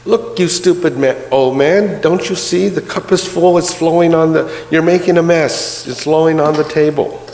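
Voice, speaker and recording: A man voicing an angry, impatient rich old merchant who shouts and demands attention. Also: medium pitch, expressive, moderate pace, natural voice. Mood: furious. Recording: roomy church hall reverb.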